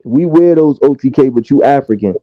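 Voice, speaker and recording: A man's voice: mid-range voice, lively intonation, brisk, no room sound. Taunting man on a tinny line. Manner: taunting, talks over others. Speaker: live stream participant. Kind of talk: heated argument on a live stream.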